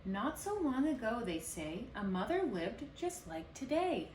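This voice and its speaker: Lively woman reading to children. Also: on the high side, a little slow, a little hiss or hum. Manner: lively, expressive read-aloud to kids. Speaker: baker and storyteller. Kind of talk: children's story hour reading. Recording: roomy echo, distant mic, faint ambience.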